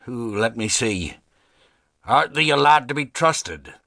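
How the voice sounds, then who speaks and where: A man voicing a stern, exacting old Quaker tradesman in an audiobook, with brisk, commanding old-fashioned speech. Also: mid-range voice, animated, creaky, pushed and bright, no room sound, studio quality, full character voice. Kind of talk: audiobook character voice.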